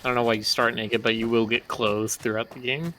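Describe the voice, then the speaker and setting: A man's voice: mid-range voice, flat delivery, brisk, bright, forceful tone, a little hiss or hum. A man streaming a game, making dry, joking asides in casual chat. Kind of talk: casual chat while gaming.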